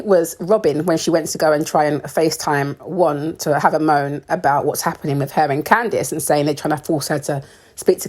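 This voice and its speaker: Sarcastic and quick to laugh, a young woman from the UK recaps a reality show in a husky, low-sitting voice. Her commentary is relaxed and full of strong opinions.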